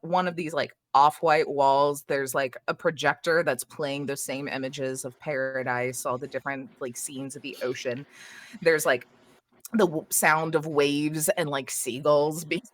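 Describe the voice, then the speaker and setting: A woman running a tabletop game as game master, describing scenes casually with many filler words. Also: low voice.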